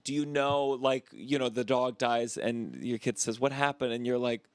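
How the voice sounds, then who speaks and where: A man's voice: medium pitch, fairly even intonation, moderate pace, a little mellow, clear, resonant tone, no room sound. A man hosting a comedy podcast, chatting frankly and casually with occasional swearing. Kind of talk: casual chat.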